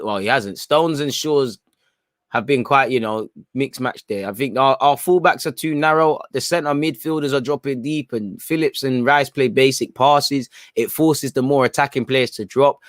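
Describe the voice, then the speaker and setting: A man with a middle-pitched voice hosts a football watchalong, casually and opinionatedly talking through a live match and reacting to both the play and his viewers. He reads chat messages aloud, often finishing phrases with "man," and his voice is recorded dry and close with little room sound and no echo.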